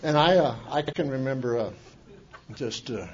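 A man's voice: mid-range voice, normal speed, highs cut off. A man giving a rambling, self-mocking testimony at a recovery meeting. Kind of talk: personal testimony talk.

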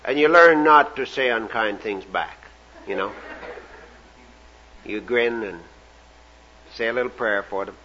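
A man's voice: medium pitch, unhurried, long pauses, lo-fi sound, a little hiss or hum. A man from Canada, speaking at a recovery meeting in a folksy, self-deprecating storytelling way.

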